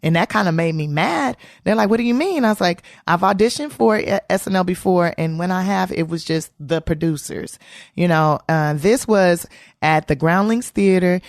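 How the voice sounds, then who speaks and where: A woman's voice: lowish voice, moderate pace, vocal fry, no room sound, clean studio sound. A woman comedian being interviewed, telling stories in a casual way and acting out the voices of people she quotes. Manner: animated storyteller, acts out quoted voices. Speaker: comedian guest.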